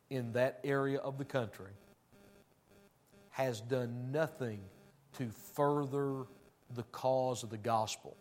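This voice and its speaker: A man preaching a sermon, emphatic and conversational, swinging between loud declarations and hushed, somber passages. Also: mid-range voice. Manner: conversational asides to the congregation.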